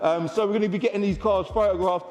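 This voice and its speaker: Excitable man vlogging. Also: high voice, fast talker, long reverb tail, soft background music. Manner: excitable, chatty, talks to camera. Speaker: car dealer vlogger. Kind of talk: casual walkaround vlog.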